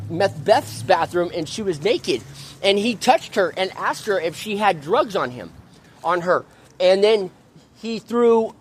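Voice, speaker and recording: A man venting angrily outdoors in a park, swearing often and repeating himself as he rants. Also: high voice. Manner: profane, ranting, repetitive. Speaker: vlogger. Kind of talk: angry venting monologue.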